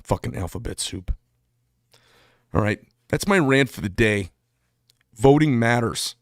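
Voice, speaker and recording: A man rants about politics to camera on his own channel, blunt and heated, swearing freely to drive his points home. His animated, middle-pitched voice has vocal fry and a measured pace with long pauses, recorded close and dry with no room ring.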